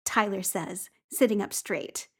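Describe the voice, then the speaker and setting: A woman's voice: medium pitch, measured pace, a bit bright, husky. A woman reading a story aloud with wry, conversational narration. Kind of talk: expressive audiobook narration.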